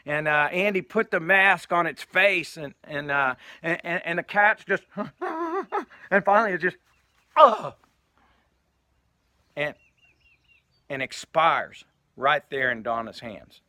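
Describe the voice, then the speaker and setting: A man's voice: on the high side, expressive, a little slow, pushed and bright, no room sound. A man telling a casual anecdote, rambling with lots of fillers and restarts. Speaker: storyteller.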